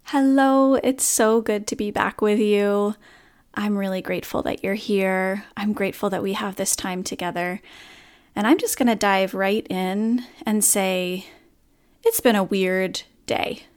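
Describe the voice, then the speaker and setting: A woman's voice: medium pitch, fairly even intonation, unhurried. A woman hosting her own podcast, talking candidly and earnestly about a hard morning in a reflective monologue. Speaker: podcast host.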